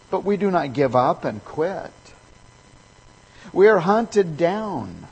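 A man's voice: medium pitch, darkish tone, husky, in a large hall, low-quality recording. A man preaching a sermon, emphatic and fond of repeating key phrases for effect.

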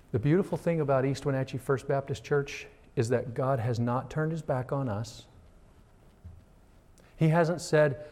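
A man, a pastor preaching a sermon in church, animated and acting out the voices and prayers he quotes. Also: medium pitch, moderate pace.

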